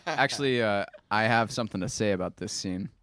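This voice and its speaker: A man co-hosting a podcast, telling behind-the-scenes movie trivia in a relaxed way with some fillers. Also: on the low side, a little fast. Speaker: podcast co-host. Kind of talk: casual movie chat.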